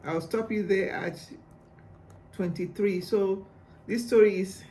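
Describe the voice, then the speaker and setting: A male preacher reading a Bible story aloud and commenting on it, laughing often and excitable. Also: high-pitched, slow pace.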